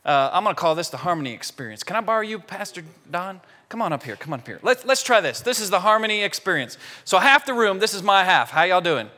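A man preaching a sermon in a large church, lively and joking with the congregation. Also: high-pitched, fast, hardly any pauses. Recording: church hall reverb.

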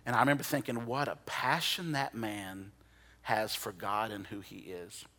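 A man preaching a sermon, telling a personal story dramatically, sometimes dropping to a hush and sometimes rising to excited bursts. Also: lowish voice, moderate pace. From United States. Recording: long hall reverb.

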